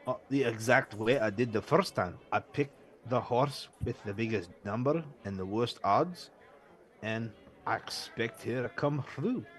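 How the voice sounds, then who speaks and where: A man's voice: medium pitch, moderate pace, hardly any pauses. A man playing in a tabletop game, talking casually. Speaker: player.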